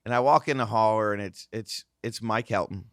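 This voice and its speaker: Man telling a lively racing story. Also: fairly low pitch, a little fast, no echo, studio quality. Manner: animated anecdote-telling with quoted voices. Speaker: guest host, former racing driver. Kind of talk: casual storytelling.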